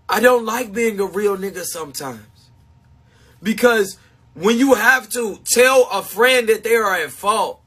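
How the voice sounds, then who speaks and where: High, breathy-voiced man livestreaming. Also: a bit bright. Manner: emphatic and confessional, repeats himself; laughs often between points. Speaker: live streamer talking to supporters. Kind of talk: casual livestream chat.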